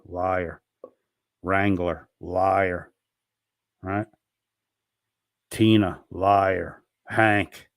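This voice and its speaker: A man ranting angrily at another streamer, swearing and berating. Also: low-pitched. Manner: angry, profane, berating. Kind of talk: ranting monologue.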